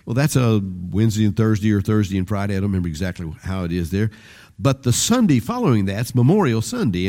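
Older male pastor, warm low-bright tone, chatty sermon delivery with shifting emphasis. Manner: rambling, conversational, with restarts and varied emphasis.

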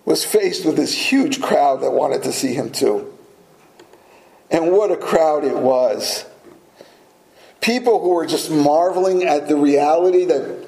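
Pastor, male, a touch high-pitched and mellow, storytelling sermon with light laughs, echoey room. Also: creaky. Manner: storytelling, with small laughs and restarts.

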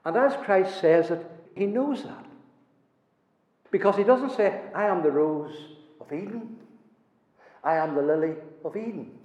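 A man preaching a sermon with passion, swinging between soaring lines and hushed ones. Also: high voice, animated, a little slow, long pauses. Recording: echoey hall, dull lo-fi sound.

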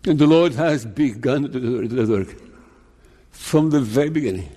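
A man preaching a sermon as pastor, slow and deliberate, putting rhetorical questions to his listeners. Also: medium pitch, dark tone, breathy edge. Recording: long reverb of a large hall.

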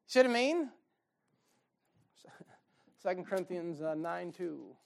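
A man preaching a sermon in a folksy, joking way, with sudden loud bursts of fire. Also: high-pitched, lively intonation, a little slow, vocal fry, long pauses.

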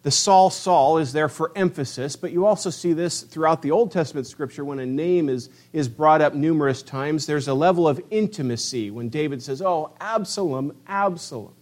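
Passionate preaching man, fairly high voice. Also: brisk, few pauses. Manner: passionate preaching, dramatic quoted voices, swings from loud to hushed. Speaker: pastor. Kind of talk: sermon.

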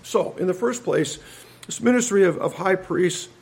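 A man preaching a methodical expository sermon, slowing down when he reads scripture and quotations. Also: high-pitched, creaky, darkish tone, breathy edge. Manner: slows down to read scripture and quotes; methodical, enumerates points, occasional restarts.

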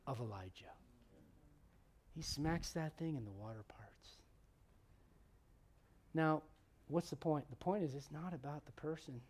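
High-voiced man preaching animated sermon. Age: 40s. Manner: animated, acts out Bible characters with humor. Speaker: pastor.

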